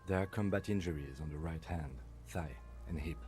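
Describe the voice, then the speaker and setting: A man voicing a calm, clinical police lieutenant. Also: low-pitched, faint music behind, natural voice. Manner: measured, clinical, dry. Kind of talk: video game voice acting.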